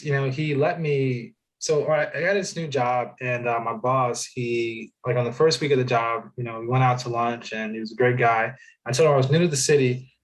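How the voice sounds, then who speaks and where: A young man chats casually as a guest. His voice sits at an ordinary, middle pitch. He tells stories loosely, full of fillers and restarts. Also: rough recording. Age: young adult. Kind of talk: casual interview chat.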